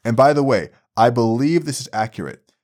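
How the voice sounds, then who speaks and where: Animated, profane male podcast host. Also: medium pitch, fairly quick. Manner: animated, profane, rising to shouted outbursts. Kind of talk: podcast essay commentary.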